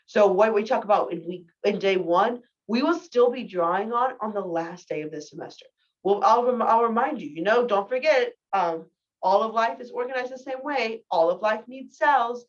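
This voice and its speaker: A woman's voice: on the high side, expressive, normal speed. A woman in her thirties giving a recorded biology lecture in a casual, candid, self-deprecating way. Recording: distant, dull lo-fi mic.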